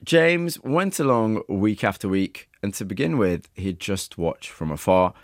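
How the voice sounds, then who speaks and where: A man narrating a documentary and asking questions, in a measured, matter-of-fact way. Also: on the low side, lively intonation, no room sound, clean studio sound. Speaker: interviewer and narrator.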